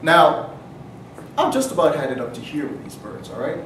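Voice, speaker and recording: Animated man telling a comic story. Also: on the high side, normal speed, slight background noise. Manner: animated, deadpan-earnest mock outrage. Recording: roomy, distant mic, faint ambience.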